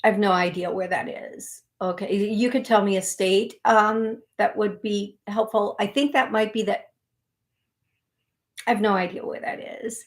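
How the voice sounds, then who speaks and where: A woman's voice: mid-range voice, steady tone, normal speed. A woman psychic medium hosting a live call-in show, talking to callers and chat viewers in a rambling, folksy, reassuring way that often corrects itself mid-sentence. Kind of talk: live call-in reading, chatty address to viewers.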